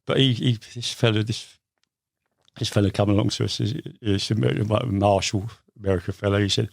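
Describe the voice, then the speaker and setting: An older man from England tells his story in a loose, rambling way, leaning on lots of fillers. His voice sits a little low and has a gravelly edge. The sound is dry and close. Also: steady tone, a little fast, no room sound. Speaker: guest. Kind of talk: casual storytelling interview.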